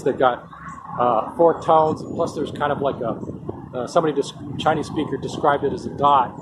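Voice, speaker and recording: A man talking casually to his viewers, rambling with lots of pauses and repeated words. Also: a little high. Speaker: vlogger. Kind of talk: casual talk to camera. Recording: steady noise in the background.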